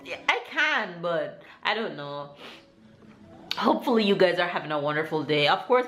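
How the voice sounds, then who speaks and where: A woman's voice: on the low side, fairly bright tone. A woman with a Jamaican accent chatting casually to her vlog audience from home, upbeat and motivating, laughing often. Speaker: vlogger and mother. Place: indoors at home. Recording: roomy echo.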